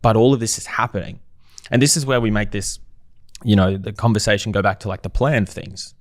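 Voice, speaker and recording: A man's voice: on the low side, steady tone, brisk, dry recording, clean studio sound. A man speaking as a guest on a podcast, talking reflectively and posing rhetorical questions in a casual conversation.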